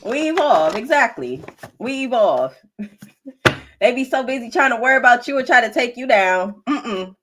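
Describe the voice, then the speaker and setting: A woman's voice: fairly high pitch, sing-song, moderate pace, fairly bright tone, slight background noise. A woman giving an emphatic, preachy collective tarot reading, laughing often. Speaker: tarot reader.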